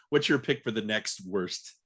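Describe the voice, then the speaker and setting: A man's voice: fairly low pitch, lively intonation, slow pace, fairly bright tone, breathy edge. A man hosting a podcast, talking casually and laughing as he acts out movie lines. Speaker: podcast host.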